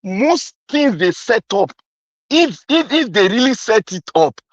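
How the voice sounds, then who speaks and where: A man's voice: high-pitched, big pitch swings, measured pace, no room sound, muffled recording. A man with a Nigerian accent delivering an angry, accusing political rant, repeating himself and slipping into pidgin. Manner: mixes in pidgin. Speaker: commentator.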